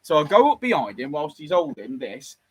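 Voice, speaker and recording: Bloke, thirties, garage owner spinning a yarn, very lively pitch, slightly raised voice, dry sound. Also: male voice, brisk, husky, no room sound, rough recording. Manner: lively, animated, acts out the other voices. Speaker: garage workshop owner telling a story. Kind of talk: casual storytelling.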